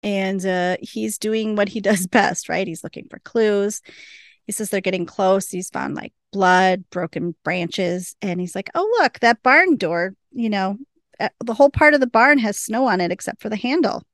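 A woman's voice: medium pitch, moderate pace, dry recording, clean studio sound. A woman hosting a podcast, casually recapping a TV episode, laughing often and acting out the lines. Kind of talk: casual chat.

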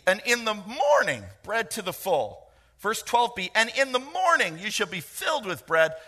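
A middle-aged man preaching a sermon, lively and joking, with quick asides to the congregation. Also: sits high. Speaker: pastor.

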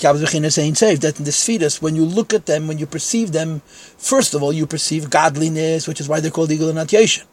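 A man's voice: on the high side, breathy edge. A man teaching a text-study lecture in Yeshivish English, conversational, with frank self-deprecating asides.

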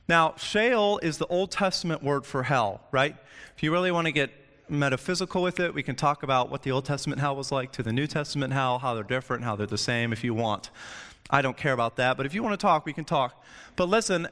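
A man's voice: mid-range voice, lively intonation, a little fast, bright, forceful tone. A man giving a casual, joking sermon, often checking in with his listeners. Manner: chatty, joking, keeps asking "right?". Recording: long hall reverb.

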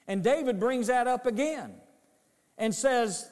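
A male preacher delivering a sermon slowly and emphatically, his high voice swinging widely in pitch. The long reverb of a church sanctuary hangs on each phrase. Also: expressive, darkish tone. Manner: emphatic, repetitive, dramatic storytelling.

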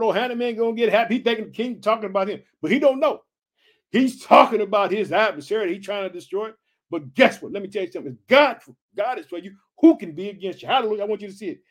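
A man preaching a sermon in a casual, emphatic way. He reads scripture slowly and loudly, and he repeats catchphrases between the readings. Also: sits high, expressive. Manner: exclaiming and emphatic, reads scripture in a slow raised voice.

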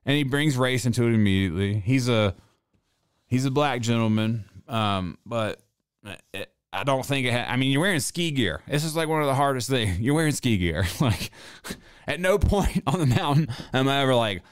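A man's voice: mid-range voice, moderate pace, smooth, no echo, clean studio sound. A man in his thirties hosting a podcast, telling a story in casual, rambling talk full of swearing. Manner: profane, rambling, animated storyteller. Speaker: podcast host.

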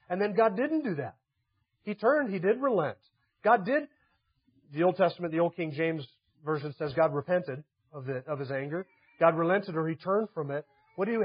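Pastor, male, high voice, earnest sermon delivery, muffled lo-fi recording. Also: husky. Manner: earnest preaching, rising to emphatic stress. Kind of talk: expository sermon.

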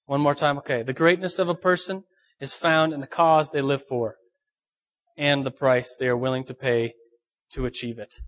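A young man, a pastor, giving a lively, joking sermon and talking straight to his audience. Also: medium pitch, normal speed. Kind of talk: youth sermon.

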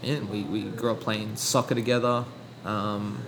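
A young Australian man with a slight British lilt, chatting in a relaxed, rambling way full of fillers. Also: fairly low pitch, measured pace. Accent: Australian with British inflections. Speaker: podcast guest. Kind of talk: casual chat. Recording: audible background noise.

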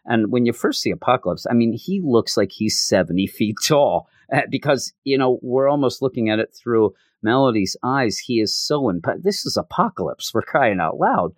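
A man's voice: mid-range voice, animated, moderate pace, hardly any pauses, dry recording, clean studio sound. A man hosting a podcast, talking through a comic in a rambling, self-interrupting way. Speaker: podcast host. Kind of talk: casual comic book review.

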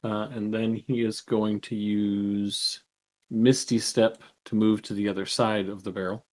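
Slow, low-voiced man running the game. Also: level tone, a little mellow. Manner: measured, explains rules with fillers. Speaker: game master.

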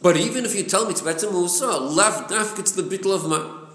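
Lively male teacher, high-ish voice, repeats himself as he explains, recorded in a roomy space. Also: a little fast. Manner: lively, repeats words, mixes Hebrew and Yiddish terms into English. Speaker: Torah class teacher. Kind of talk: Chassidic text class, explaining to students. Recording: echoey room.

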